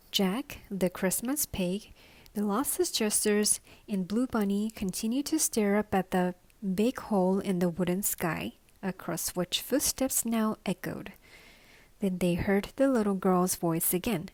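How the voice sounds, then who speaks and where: A woman, a native Korean speaker, reads a novel aloud as a bedtime story. Her delivery is slow, calm and careful, sometimes dropping to a whisper. The sound is close and dry. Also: medium pitch, no room sound. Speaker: storybook reader.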